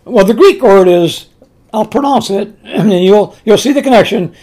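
A man's voice: high-pitched, darkish tone. Earnest preacher man retelling scripture. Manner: earnest storytelling, slow and emphatic, with repeated words. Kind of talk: sermon.

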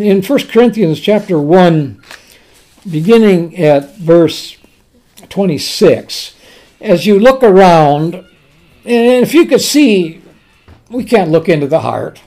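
A man's voice: fairly high pitch, mellow. A man preaching a sermon with emphasis, repeating words and reading scripture aloud.

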